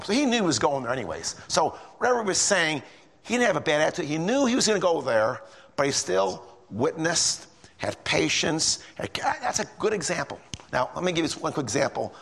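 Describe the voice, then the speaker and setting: A middle-aged man leading a folksy, rambling bible study sermon, emphatic and full of restarts, with a gravelly, husky voice. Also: on the high side, very animated, fairly quick, fairly bright tone. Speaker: lay preacher. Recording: echoey hall with long reverb.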